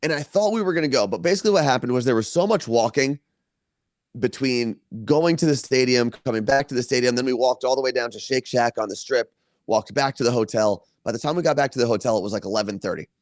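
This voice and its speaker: A man's voice: medium pitch, fast talker, no room sound, clean studio sound. A man co-hosting a podcast, telling a long story in casual chat from a hotel room and laughing often. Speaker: podcast co-host.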